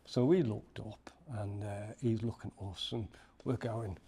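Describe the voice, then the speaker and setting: A man's voice: lowish voice, normal speed, breathy edge. A man from Liverpool with a Liverpool accent, a podcast guest telling a story in casual chat and acting out the voices he quotes. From Liverpool, England. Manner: animated, acts out voices in quotes.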